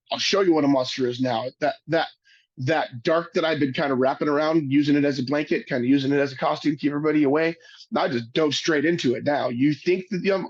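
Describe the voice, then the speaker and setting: A man's voice: a little high, darkish tone, lo-fi sound. A man telling his life story. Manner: earnest storytelling with frequent restarts. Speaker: webinar speaker. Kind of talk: personal testimony talk.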